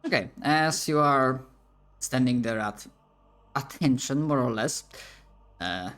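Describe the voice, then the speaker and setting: A man narrating a tabletop role-playing scene as game master, halting and full of fillers. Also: mid-range voice, lively intonation, fairly bright tone. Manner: slow, halting, with many fillers.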